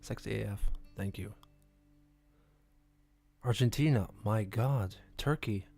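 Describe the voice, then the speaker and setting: A man's voice: on the low side, slow pace, vocal fry, dark tone, soft background music. A man hosting a casual live stream, rambling and stammering as he reacts to the chat. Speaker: livestream host.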